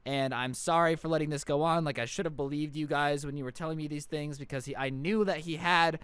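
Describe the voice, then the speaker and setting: A man voicing a tired, apologetic male high school teacher, speaking lower and quieter than his own voice. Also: steady tone, smooth, no echo, natural voice. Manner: lower, quieter and more measured than the narrator.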